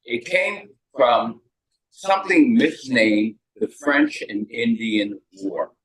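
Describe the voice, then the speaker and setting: Slow, animated American man telling a story. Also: medium pitch, roomy sound, distant mic, low-quality recording. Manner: profane, digressive, slips in bits of French and Spanish. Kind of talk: casual spoken storytelling.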